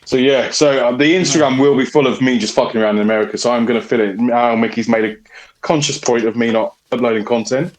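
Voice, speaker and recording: A man's voice: medium pitch, fairly even intonation, fast, low-quality recording. A man co-hosting a podcast in casual banter, sweary and jokey, rambling from topic to topic. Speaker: podcast co-host.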